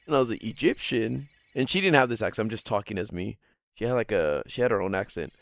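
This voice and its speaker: A man's voice: fairly low pitch, expressive, fast, vocal fry, dry recording. A man streaming live, chatting casually in a rambling, profane way and laughing often as he answers chat. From Guam.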